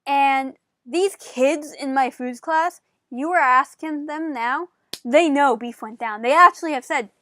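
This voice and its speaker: A woman vlogging to camera in casual storytelling, animated and chatty with lots of filler words. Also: high voice, a little slow.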